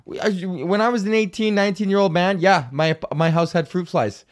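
A man's voice: high voice, steady tone, a little fast. A man hosting his own podcast, talking in a rambling, profane, self-mocking way. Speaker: podcast host. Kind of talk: casual solo podcast rant.

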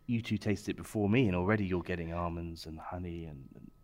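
A man's voice: sits low, fast, a little mellow. A man hosting a casual chat, hesitant, often stammering and repeating words. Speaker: host.

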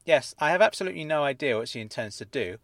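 A man's voice: a little high, expressive, fast, fairly bright tone, no echo, voice pushed up. A man voicing a wry woman academic. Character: sharp, dry-witted woman academic.

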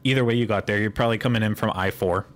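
A man's voice: fairly low pitch, racing. A man with a Pittsburgh accent hosting a podcast, explaining in a rambling, digressive way in casual chat. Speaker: podcast host.

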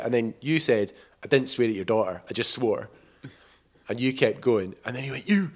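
A man telling a cycling trip story in a casual, animated way, acting out quotes and laughing often. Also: medium pitch, fairly quick. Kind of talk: casual storytelling over footage.

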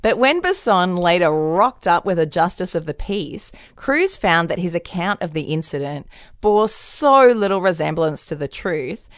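A woman's voice: lowish voice, measured pace, no echo, studio quality. A woman co-hosting a podcast, telling a true crime story in a casual, jokey way full of puns. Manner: jokey, punny, lively storyteller.

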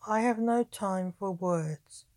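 A woman's voice: medium pitch, slow pace, a little mellow, no echo, lightly acted. A woman voicing an impatient male soldier who speaks curtly and demands. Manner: curt, demanding.

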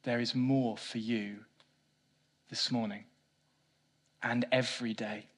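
A man preaching a sermon, swinging between loud emphatic lines and quiet low ones, with a self-mocking touch. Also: slow pace. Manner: animated preaching, rising loud for emphasis then dropping soft. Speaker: pastor.

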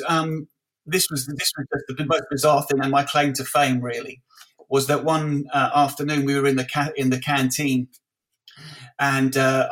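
A man in his fifties telling a lively anecdote as a guest over a video call, often repeating words. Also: medium pitch. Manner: lively, repeats words, acts out voices in stories. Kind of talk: animated anecdotal storytelling.

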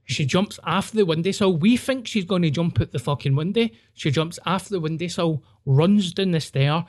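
A Scottish man with a Glaswegian accent, hosting a podcast and telling a wild story in an animated, sweary way, acting out voices. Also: fairly high pitch, moderate pace. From Scotland. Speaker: podcast host. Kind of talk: casual storytelling chat.

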